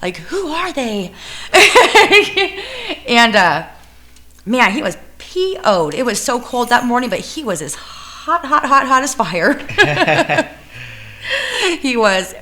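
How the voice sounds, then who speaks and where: Rambling woman with bright voice. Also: a little high, very animated, slow pace. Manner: rambling, full of fillers and self-corrections. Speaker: music venue co-owner. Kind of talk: casual interview storytelling.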